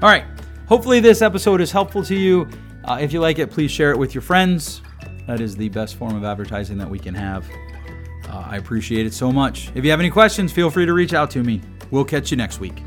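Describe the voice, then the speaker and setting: A man's voice: mid-range voice, animated, brisk, faint music behind. A man hosting his own podcast, talking through advice in a loose monologue, often repeating and restarting words, with a dry sense of humor. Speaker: podcast host.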